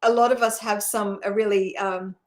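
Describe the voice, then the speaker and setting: A woman's voice: medium pitch, fairly even intonation, normal speed. A middle-aged woman hosting a spiritual channel, talking casually and rambling, with many fillers and frequent laughs.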